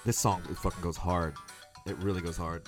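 A man hosting a casual comedy chat show, loud, rambling and mock-grumpy. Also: low voice, little pitch movement, fairly quick, over music. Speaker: podcast host.

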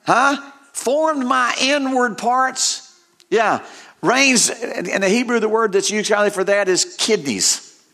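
High, bright-voiced older preacher. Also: male voice, slow pace. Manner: emphatic, repeats words while building to a point; reads scripture aloud with rising intensity. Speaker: pastor. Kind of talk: sermon.

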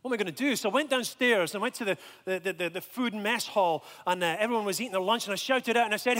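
A man telling a story in a sermon, animated and acting out the voices in it. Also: high voice, fast talker, hardly any pauses. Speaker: preacher. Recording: long hall reverb.

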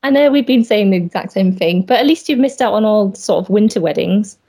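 A woman's voice: mid-range voice, animated, a little fast. A woman with a light Yorkshire accent, a guest on a podcast, talking in a modest, friendly way. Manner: modest, friendly, with soft laughs. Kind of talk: casual interview chat.

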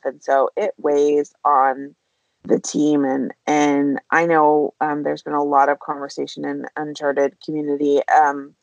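A woman with a low voice co-hosts a veterinary podcast as a practice leader, speaking candidly about team morale in casual conversation. Her talk is fast-flowing and emotional, and the recording is dry with the highs cut off.

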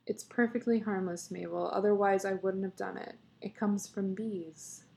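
A woman's voice: medium pitch, steady tone, moderate pace, gravelly, darkish tone, close to an everyday voice. A woman voicing a proud, teasing beekeeper husband in a read-aloud story, coaxing and patient as he explains himself.

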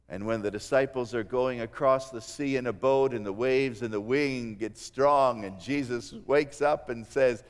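A man preaching a sermon in an animated way, acting out the voices of the people he quotes. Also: measured pace. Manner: animated, acts out quoted voices with big pitch swings. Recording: long reverb of a large hall.

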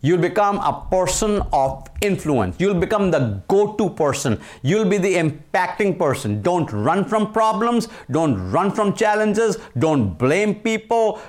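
Emphatic Indian man in his sixties. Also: sits high. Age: 60s. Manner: emphatic, repeats key phrases, slows down for punch lines. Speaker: leadership speaker. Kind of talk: motivational talk.

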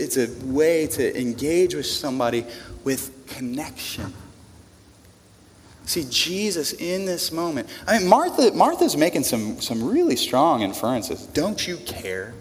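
Male pastor, slightly high voice, conversational sermon with questions to the room, big reverberant hall. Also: lively intonation, moderate pace, a bit bright. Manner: conversational, repeats words, asks the congregation questions. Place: church in front of a congregation. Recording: long reverb of a large room.

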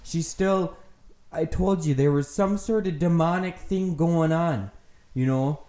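A man, host of the show, playing a confused, rambling neighbor who keeps trying to calm someone down in an improvised comedy scene. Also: on the high side, measured pace, lightly acted. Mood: placating. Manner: folksy, rambling, placating. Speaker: podcast host. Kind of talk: improvised comedy role-play. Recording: echoey room.

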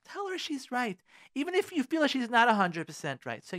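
A man's voice: very high-pitched, huge pitch swings, a little fast, a bit bright. A man hosting a radio advice show from a studio, talking emphatically, repeating his key phrases and mixing Hebrew prayer words into his English. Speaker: radio show host giving relationship advice.

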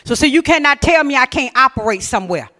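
A Southern woman pastor with an Alabama accent, preaching to her church in a bright, forceful voice. She tells folksy, funny stories and swings between loud bursts and near-whispers. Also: sits high, lively intonation, fast talker. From Mobile, Alabama. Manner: folksy, humorous storytelling with sudden shifts between loud and hushed. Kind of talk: sermon.

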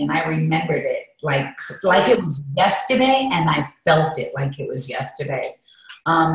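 A woman's voice: low-pitched, a bit bright. A woman guest speaking candidly and emotionally in an interview, recorded at a recovery treatment center. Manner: emotional, confessional, emphatic. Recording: very echoey room.

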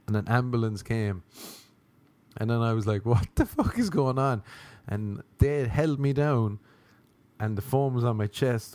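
A young man spins a rambling, profane story, laughter spilling through his words. His voice sits at an ordinary middle pitch, and the recording is close and dry, with no room around it. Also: a little mellow, dry recording. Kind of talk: casual anecdote.

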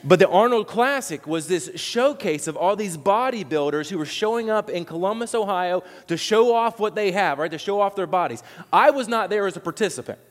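Lively high-voiced preacher in a hall. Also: male voice, a little fast, few pauses. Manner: animated, acts out quotes, many restarts. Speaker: pastor. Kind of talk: sermon.

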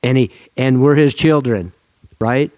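A male pastor preaching in a loose, conversational way, often restarting his sentences. His voice sits at an ordinary middle pitch and the sound is dry and close, with almost no room around it. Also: darkish tone, no echo. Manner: informal, halting, with many restarts and laughs. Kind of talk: conversational sermon.

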